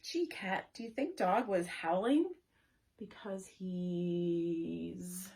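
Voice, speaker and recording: A woman librarian leading story time for young children, reading and rhyming in an animated, sing-song way and asking them questions. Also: fairly low pitch, very slow, creaky, very noisy.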